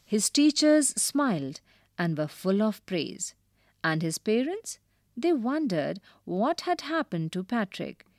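Woman teacher, storybook reading, slow, lively intonation, word lessons. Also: mid-range voice, no echo, studio quality. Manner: slow, careful and expressive.

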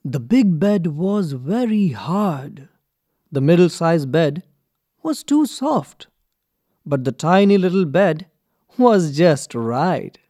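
A man reading a children's story aloud from a textbook, clear and deliberate for young learners. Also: a little high, very animated, mellow, no room sound, clean studio sound. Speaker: textbook reader. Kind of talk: slow expressive storybook reading.

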